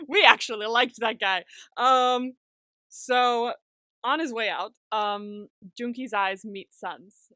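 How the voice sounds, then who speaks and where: A woman's voice: a little high, fairly even intonation, slow, pushed and bright, no echo. A woman co-hosting a podcast, recapping an episode in casual chat, laughing often and acting out the characters' lines with plenty of swearing. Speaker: podcast co-host.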